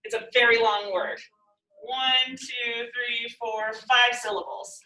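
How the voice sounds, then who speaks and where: A woman's voice: on the high side, fairly even intonation, takes it slowly, sharp tone, reverberant, poor audio. A woman teacher explaining a lesson to students in a classroom, patient and using everyday examples.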